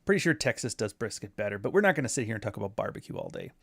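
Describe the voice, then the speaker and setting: A man's voice: fairly low pitch, wildly swooping pitch, racing, creaky, slightly rough, no room sound. Rambling man, dry close sound. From Canada. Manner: rambling, sarcastic asides. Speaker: commentary host. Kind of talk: casual commentary.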